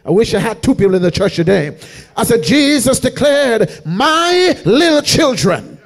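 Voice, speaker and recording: High-voiced man preaching a revival sermon. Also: animated, brisk, gravelly. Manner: rhythmic preaching with repeated call-outs to the congregation; swings from hushed storytelling to shouted, sung-out climaxes. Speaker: evangelist. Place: church.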